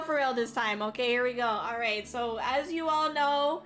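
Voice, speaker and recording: A woman VTuber with a voice on the high side, slightly bright, talks at normal speed with few pauses during a live stream. She reads viewer comments, laughs often, and swears while rambling, with faint music underneath.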